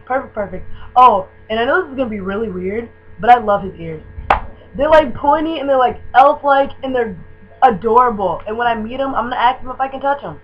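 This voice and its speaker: A young woman from Michigan gushing about a band she loves in a casual video, with lots of "um" and "like" and excited rambling. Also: a little high, fairly quick. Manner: gushing, excitable, filler-heavy fan talk. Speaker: vlogger. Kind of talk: casual fan tag video. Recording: dull lo-fi webcam audio with faint hum.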